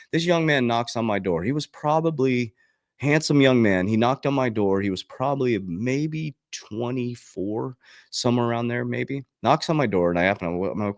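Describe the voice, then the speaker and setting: A man's voice: mid-range voice, animated, moderate pace, no echo, clean studio sound. A man hosting his own channel, giving a passionate, preachy motivational talk to his webcam that swears freely and acts out the people he quotes. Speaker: crypto coach and channel host. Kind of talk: fired-up motivational talk to camera.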